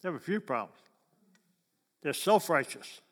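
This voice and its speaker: A man's voice: on the high side, big pitch swings, moderate pace. A man preaching a sermon in a folksy way, often asking his listeners questions. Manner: folksy, asks the crowd questions. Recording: long hall reverb.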